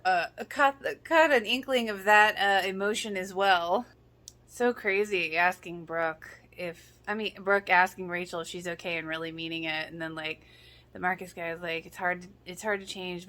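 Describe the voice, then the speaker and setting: A woman hosting a casual reaction podcast, recapping a TV episode excitedly and laughing often. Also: medium pitch.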